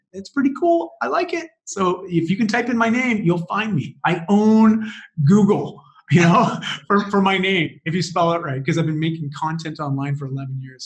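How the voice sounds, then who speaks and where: A man talking as a podcast guest and coach, enthusiastic and quick to laugh as he shares advice. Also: on the high side. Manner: enthusiastic, fired up, laughs often. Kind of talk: animated interview conversation.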